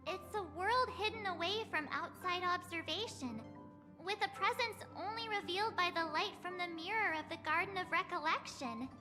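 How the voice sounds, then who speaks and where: A woman's voice: very high-pitched, moderate pace. A woman voicing a cheerful, chatty young female crew member in a game. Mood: upbeat. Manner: bright, chatty, upbeat. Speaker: game character. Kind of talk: game voice acting. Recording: reverby game audio with music.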